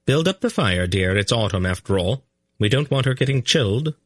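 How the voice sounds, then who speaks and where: A man voicing a calm, commanding sorceress who speaks crisply and with motherly authority, in an audiobook reading. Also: lowish voice, no room sound, studio quality, pitched above the performer's own voice. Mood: dry, firm. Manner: crisp, brisk, gently condescending. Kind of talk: audiobook character voice.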